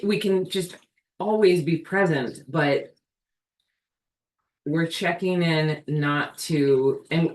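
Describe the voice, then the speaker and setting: A woman hosting a live video Q&A for her ministry, talking earnestly and thinking aloud. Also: sits low. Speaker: host of a healing ministry. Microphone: video call. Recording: echoey room, distant from mic.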